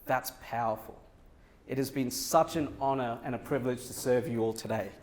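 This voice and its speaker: A man giving a motivational keynote on a conference stage, telling a story in a lively way and acting out the dialogue. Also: mid-range voice, moderate pace. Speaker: keynote speaker.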